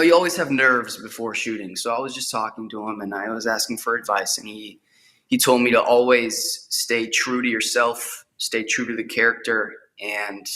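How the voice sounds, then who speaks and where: A man's voice: mid-range voice, pushed and bright. A young man, an actor, talking eagerly in a casual interview and often repeating words as he goes. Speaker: actor guest.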